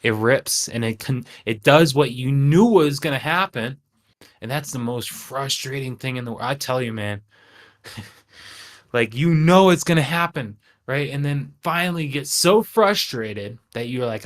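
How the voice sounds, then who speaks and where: A man's voice: mid-range voice, measured pace. A man hosting a casual trading livestream, talking animatedly and asking rhetorical questions with frequent "right?". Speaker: trading channel host.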